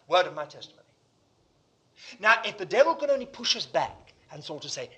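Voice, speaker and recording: With an extremely high, very animated voice at a moderate pace, a man preaches fervently to a congregation in a room. He swings between hushed asides and loud declarations.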